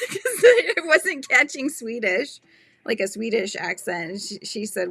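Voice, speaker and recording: A woman's voice: a little high, sing-song, measured pace, gravelly, bright, forceful tone, slightly rough. A woman hosting a casual live stream, chatting and giggling as she reads viewer comments aloud. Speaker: livestream host chatting with viewers. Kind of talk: casual live-stream chat while crocheting.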